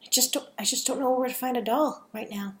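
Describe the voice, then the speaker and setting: A woman's voice: on the high side, fairly quick, a bit bright. A woman, slightly sick, reading a fan story aloud in a casual, chatty way with self-deprecating asides.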